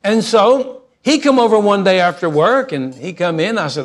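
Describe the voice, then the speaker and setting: Folksy pastor preaching. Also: male voice, sits high. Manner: folksy, animated, shifts between fast asides and slow emphasis. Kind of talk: sermon storytelling.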